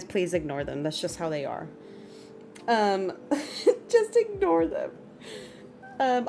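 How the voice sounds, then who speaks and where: A woman's voice: mid-range voice, a little mellow. A young woman streaming casually, reading chat comments aloud and giggling often.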